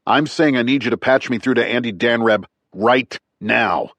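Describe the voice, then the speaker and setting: A man's voice: mid-range voice, moderate pace, a bit bright, dry recording. A man voicing a tough former military man who talks in clipped, urgent, profane bursts. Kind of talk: audiobook character reading.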